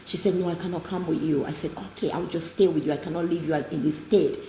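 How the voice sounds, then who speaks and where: Talking fast in a low, steady voice, a woman hosts an inspirational talk. Her storytelling is warm, emphatic and heartfelt. Light noise and echo come from the room.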